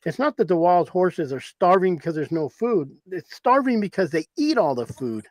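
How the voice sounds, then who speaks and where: A man's voice: high voice, lively intonation, moderate pace, darkish tone, no room sound. A man from Arizona telling stories in casual podcast chat, rambling and repeating himself for emphasis.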